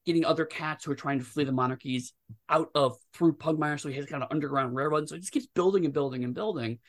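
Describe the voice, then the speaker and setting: A man, a game designer guest, talking at length in a rambling, animated way with many restarts. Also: fairly high pitch, fast talker. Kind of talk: casual interview chat.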